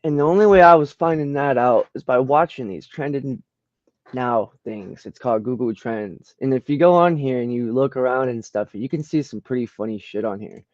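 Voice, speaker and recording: A man casually talking through a screen-share, slangy and profane, reacting with loud disbelief to what he finds. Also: mid-range voice, normal speed, no echo. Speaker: vlogger browsing trending searches. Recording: dull lo-fi dry sound.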